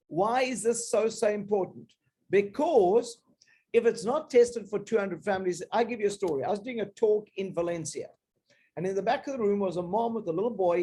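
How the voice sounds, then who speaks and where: A man speaks in a high, mellow voice, selling a health idea to a live audience. He is emphatic and persuasive and often breaks off and restarts his phrases. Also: husky. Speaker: health supplement presenter.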